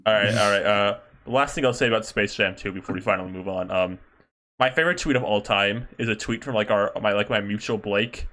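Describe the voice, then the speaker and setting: A man's voice: on the low side, fairly quick, pushed and bright. Laughing young man on a podcast. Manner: laughing, joking, eager to add bits. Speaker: podcast co-host. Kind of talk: casual chat.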